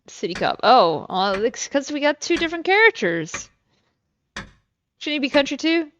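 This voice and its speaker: A woman streamer giving excitable, giggly commentary while playing a game. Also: high-pitched, normal speed, highs cut off, a little hiss or hum. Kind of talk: casual gaming commentary.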